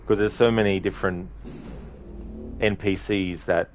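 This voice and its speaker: A man's voice: sits low, fairly even intonation, measured pace, slight background noise. A man giving casual gameplay commentary, rambling, swearing casually and laughing often. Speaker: game commentator.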